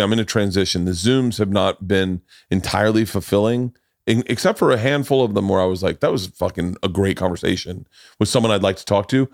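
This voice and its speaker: A man's voice: lowish voice, no echo, studio quality. A man hosting a podcast in casual chat, rambling and swearing, often acting out what others said in his story. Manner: rambling, profane, acts out quotes in others' voices. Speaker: podcast host.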